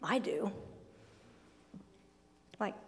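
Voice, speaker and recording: A woman's voice: very slow, long reverb tail. A woman pastor preaching a sermon, emphatic, blunt and humorous, sometimes acting out the voices she quotes. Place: church sanctuary.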